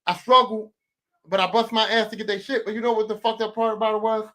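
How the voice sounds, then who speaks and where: A man in his forties hosting a podcast, telling a profane, animated comic rant that swings from loud bursts to low mutters. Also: fast talker. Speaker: podcast host. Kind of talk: casual comedic rant.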